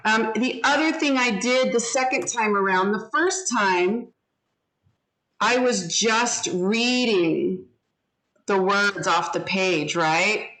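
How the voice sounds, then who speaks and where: A woman teaching a class over a video call, speaking deliberately and modeling words and syllables for her students. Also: mid-range voice, fairly bright tone, rough recording.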